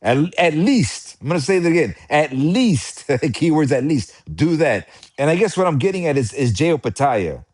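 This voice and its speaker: A man with an American accent chatting casually about boxing, excitable and rambling, often repeating himself. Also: fairly high pitch, a little fast. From United States. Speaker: boxing commentator. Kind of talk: casual live chat.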